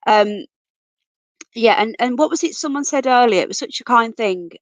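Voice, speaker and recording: A woman's voice: a little high, animated, moderate pace, no room sound. A woman hosting a casual livestream, reading out viewer comments and greeting everyone as darling and sweetheart, while her voice is going from a cold. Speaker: livestream host. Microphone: computer mic, off camera.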